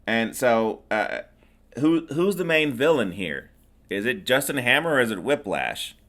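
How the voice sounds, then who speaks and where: A man's voice: medium pitch, big pitch swings, measured pace, a bit bright. A middle-aged man hosting a podcast, recapping a movie in a rambling, sarcastic way with plenty of fillers. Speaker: podcast host. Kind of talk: casual movie recap chat.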